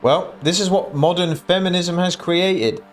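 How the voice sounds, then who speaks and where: A man's voice: sits high, unhurried, a loud crowd. A man hosting a reaction commentary channel, talking bluntly and mockingly over clips. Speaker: commentary host.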